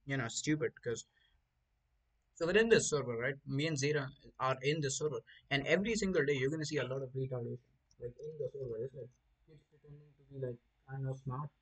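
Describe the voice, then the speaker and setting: A man's voice: mid-range voice, rough recording. A man hosting a podcast, telling rambling stories in casual chat with lots of swearing and stumbling restarts. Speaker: podcast host.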